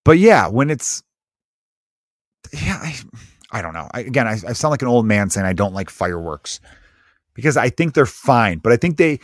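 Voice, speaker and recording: This American man in his mid-thirties hosts a podcast, spinning a rambling, sarcastic, foul-mouthed comedic monologue in a casual way. He is very animated, with a medium pitch, moderate pace, and long pauses, recorded in a clean studio with no echo.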